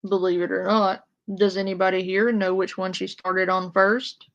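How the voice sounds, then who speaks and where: Her delivery flat and her speed normal, a female commentary streamer talks to her live chat in a medium pitch, though the audio sounds dull. She's casual, blunt, and confrontational, using fillers often.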